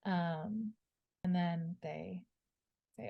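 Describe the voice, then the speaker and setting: A woman narrating as game master of a tabletop game, casual and quick to laugh. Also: fairly high pitch.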